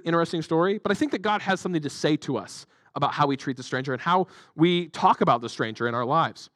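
A male pastor delivering a sermon in church, chatty and joking, full of fillers. His voice is high for a man. The sound is dry and close. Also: dry recording. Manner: conversational, jokey, many fillers.

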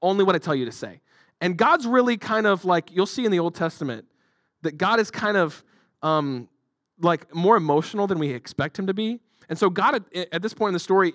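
In church, a male pastor gives a sermon in a chatty, joking, conversational way, packed with fillers. His voice sits high for a man. The sound is dry and close, without any echo.

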